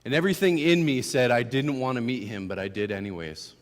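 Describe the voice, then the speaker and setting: A young man tells his life story as a sermon testimony, earnest and steady. He drops to a hush, then presses hard on key lines. His voice sits mid-pitch and trails off in a long church reverb. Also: a little fast. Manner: earnest storytelling, swings from hushed to emphatic. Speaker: guest speaker giving testimony. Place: church sanctuary.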